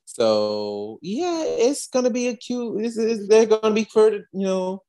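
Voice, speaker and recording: A woman's voice: medium pitch, very animated, a little slow, warm tone. A woman co-hosting a podcast in casual chat, telling a story in an emphatic, exasperated way. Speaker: podcast co-host.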